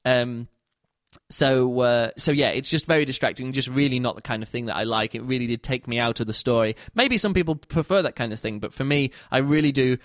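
A man's voice: mid-range voice, brisk, no room sound, studio quality. A man giving a casual spoken book review, rambling and often correcting himself mid-sentence. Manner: rambling, self-correcting, many restarts.

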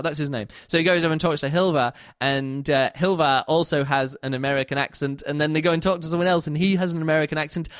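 A man's voice: on the high side, a bit bright, no echo, studio quality. A man giving a casual spoken book review, rambling and often correcting himself mid-sentence. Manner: rambling, self-correcting, many restarts.

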